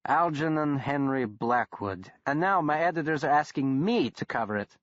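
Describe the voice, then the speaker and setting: A man reading an audiobook, voicing a gruff, blunt middle-aged male journalist with a Danish accent. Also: a little high, lively intonation, normal speed, dry recording, pitched above the performer's own voice, close to an everyday voice. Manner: growling, blunt, skeptical. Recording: dull, dry studio recording.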